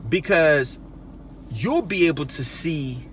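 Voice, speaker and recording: A male host talks through casual advice in an emphatic, repetitive way, with a slow pace and a bright, lively voice that rises and falls a lot. The mic sits a little distant, and faint noise hums behind him. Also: on the high side. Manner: emphatic, keeps checking in with "okay?" and "right?".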